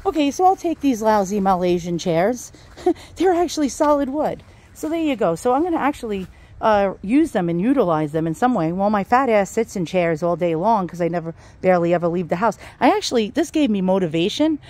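A woman's voice: mid-range voice, expressive, brisk, mellow. A woman vlogging casually while out of breath, rambling, laughing and swearing freely. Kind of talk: casual home vlog.

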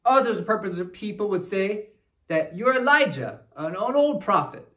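Here a man stays in character as a goofy, cheerful traveling cousin leading a kids' Bible lesson. His voice is high-pitched and his pace normal, and he addresses the children directly and animatedly, frequently asking "right?".

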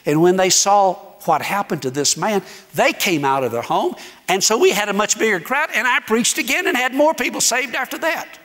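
A man preaching as a guest speaker, telling a story in an animated way and acting out the dialogue. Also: high voice. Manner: animated, acts out dialogue, dramatic pauses. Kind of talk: sermon storytelling. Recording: echoey hall reverb.

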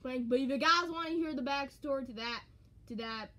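A woman's voice: sits high, fairly quick, pushed and bright. A young woman reading her own old story aloud on camera, swearing, laughing and mocking herself. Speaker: YouTuber. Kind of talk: reading old writing aloud with comedic commentary. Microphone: handheld camera.

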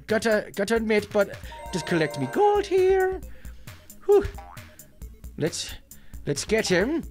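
A man voicing a cheeky, excitable Irish leprechaun who plays a mobile game and shouts at the action, in an Irish accent. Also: very high voice, heavily acted. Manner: excitable, exclamatory, jokey stage-Irish. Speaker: gaming channel character. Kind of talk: playing a mobile game with commentary. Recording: faint background music.

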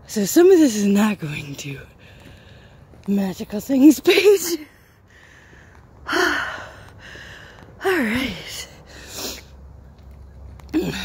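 A woman's voice: fairly high pitch, darkish tone, slight background noise. A woman vlogging as she hikes up a park hill, out of breath and chatty, poking fun at herself as she talks to the camera. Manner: chatty, self-mocking, talks to camera while hiking uphill. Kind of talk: casual walking vlog.

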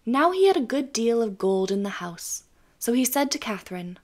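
A woman narrating a fairy tale audiobook in a calm, even storytelling manner. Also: fairly high pitch, moderate pace. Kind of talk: scripted bedtime story narration.

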